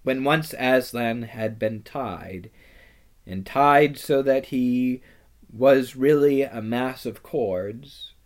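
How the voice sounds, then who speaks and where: Slow, measured male storybook narrator. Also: medium pitch, a little mellow. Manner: slow, measured, dramatic delivery. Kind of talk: storybook reading aloud.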